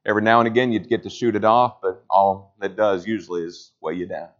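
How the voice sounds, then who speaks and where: A man preaching a sermon, rising to loud emphatic peaks and then dropping low. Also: steady tone, a little fast. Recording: slightly dull lo-fi sound.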